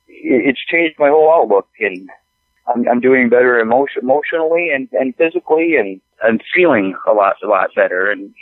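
A man talking as a podcast guest, halting and stammering, often repeating words as he speaks. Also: medium pitch, no echo. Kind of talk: casual conversation. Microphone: phone call. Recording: tinny phone line, dry.

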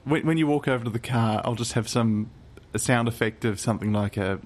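A man's voice: medium pitch, brisk, noisy background. A man co-hosting a podcast, improvising comedy bits with lots of laughter. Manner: playful, laughing, bursts of loud shouting. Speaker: podcast co-host.

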